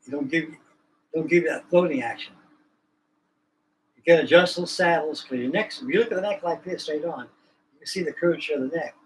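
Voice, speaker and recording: Hosting a livestream, a man chats casually in a fairly high, slightly raised voice, talking fairly quickly but leaving long pauses. His folksy, colloquial talk drifts from point to point. The recording is low-quality, with faint ambient noise underneath.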